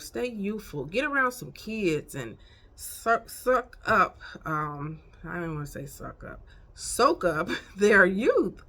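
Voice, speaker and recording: This life coach in her fifties has a mid-range, slightly bright voice with a breathy edge. She talks straight to her viewers in a casual motivational vlog, offering frank, folksy life advice.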